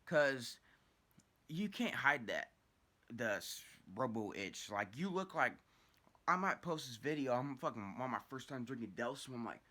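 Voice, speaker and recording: A man's voice: medium pitch, lively intonation, unhurried, pushed and bright. A young man with a mid-range voice tells a story from his past as a casual vlogger. He rambles, swears freely and often trips back over his own sentences. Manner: rambling, heavy swearing, restarts.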